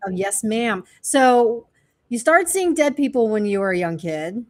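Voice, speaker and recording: A woman's voice: fairly high pitch, measured pace, no echo. A woman co-hosting a podcast, telling stories and asking her guest questions in casual chat. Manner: lively storyteller, asks questions. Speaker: podcast co-host.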